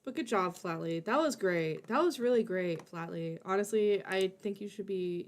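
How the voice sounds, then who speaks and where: A woman's voice: mid-range voice, normal speed, hardly any pauses. A woman streamer reacting to a video in rambling, stop-start casual chat, swearing freely.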